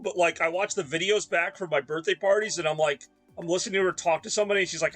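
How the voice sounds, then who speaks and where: Young male streamer, rambling chatter over gameplay, raised pitch, bright tense tone. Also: quick pace, soft background music. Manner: rambling, chatty, reads chat aloud. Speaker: game streamer. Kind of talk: casual rambling chat while gaming.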